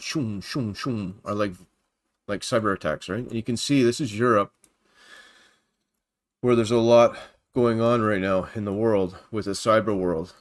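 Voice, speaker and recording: A man hosting a casual Christian livestream from home at his computer. He rambles as he reads news off the screen and greets viewers by name. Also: fairly low pitch. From Canada.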